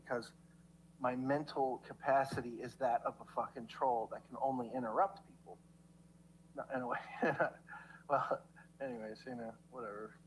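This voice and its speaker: A man's voice: medium pitch, steady tone, moderate pace, slight background noise, low-quality recording. A man ranting in a rambling way, stammering through restarts and swearing heavily while he philosophizes at his viewers. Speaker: livestreamer in played clips. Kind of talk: rambling profane rant.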